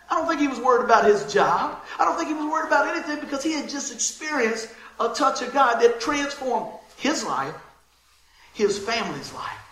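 A man preaching a sermon as pastor, lively and often laughing as he acts out little scenes. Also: sits high, slight background noise. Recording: roomy echoing hall sound.

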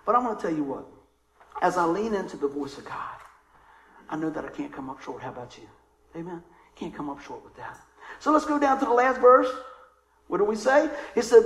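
A male pastor delivers a sermon from a church sanctuary, speaking in a high voice that swings widely up and down. He keeps it conversational and calls out questions to the congregation. The room rings with noticeable echo. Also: animated, a little fast, pauses often.

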